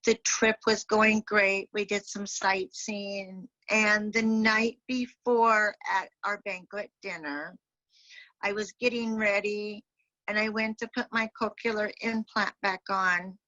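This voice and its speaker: A woman, a deafblind entrepreneur, giving a convention talk with animated storytelling and voiced quotes. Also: mid-range voice, slow pace, no echo, muffled recording. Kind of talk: storytelling speech. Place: home, remote convention talk.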